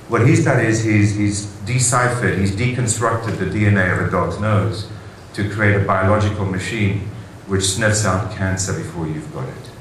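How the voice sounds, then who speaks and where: In a large, very echoey hall with faint background noise, a man gives an enthusiastic keynote speech at a conference. He is the conference speaker, telling stories with rhetorical asides in a lowish, somewhat bright voice.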